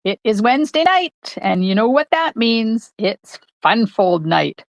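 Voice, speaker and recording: A woman's voice: a little high, very animated, a little slow, dry recording. Chatty older woman hosting craft demo. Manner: chatty, greets viewers by name. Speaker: craft demonstrator. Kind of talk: live-streamed crafting demo. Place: home craft room.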